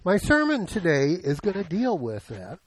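A man's voice: high voice, wildly swooping pitch, normal speed, no room sound, poor audio. A man in his seventies preaching a sermon in a conversational way, often putting questions to the congregation. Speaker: pastor.

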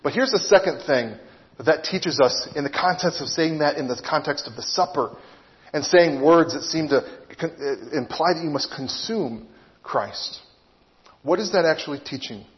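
A man's voice: fairly high pitch, expressive, moderate pace. A man delivers an earnest sermon in a slightly raised voice, working through his point with rhetorical questions to the congregation. His words ring with a long reverb, as if from a large hall, and the recording sounds dull and muffled. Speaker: preacher.

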